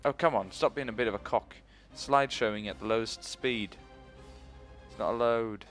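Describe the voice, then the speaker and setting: A man's voice: mid-range voice, normal speed, fairly bright tone, soft background music. A young man commentating his own strategy game playthrough, rambling and swearing often. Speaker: let's play host. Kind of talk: gaming commentary.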